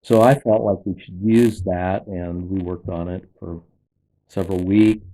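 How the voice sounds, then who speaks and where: A pastor telling a church story in conversation, in a measured way, stopping to explain details along the way. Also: male voice, sits low, steady tone, mellow, rough recording. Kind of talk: casual storytelling.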